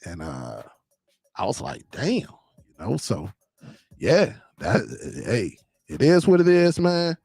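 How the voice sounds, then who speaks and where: Gravelly man hosting a chatty live stream. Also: mid-range voice, wildly swooping pitch, slow, a little mellow, no echo. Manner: loose, talkative, laughs often, addresses viewers directly. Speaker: live show host. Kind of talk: casual live-stream commentary.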